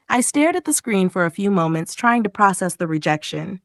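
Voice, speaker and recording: A woman's voice: sing-song, a little fast, no echo, studio quality. Woman reading short stories aloud. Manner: reads paragraph titles, then acts out quoted lines with raised pitch. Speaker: English lesson reader. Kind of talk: expressive story reading.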